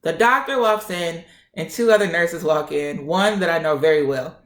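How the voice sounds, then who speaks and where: A woman in her twenties telling a personal story in a feisty, animated way. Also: on the low side, normal speed. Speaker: vlogger. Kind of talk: casual storytime. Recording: roomy echo.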